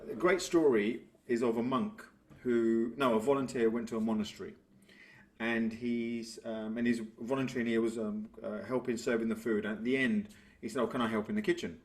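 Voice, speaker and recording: A man, a business coach talking through ideas and telling stories in a relaxed interview. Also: medium pitch, moderate pace. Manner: reflective, tells stories to make a point. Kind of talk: conversational interview.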